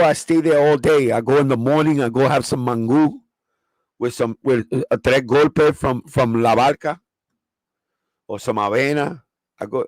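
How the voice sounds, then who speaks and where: A man's voice: on the high side, dry recording, poor audio. A man hosting a casual livestream, chatting in a slangy, profane, easygoing way and laughing often. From New York. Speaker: sneaker livestream host.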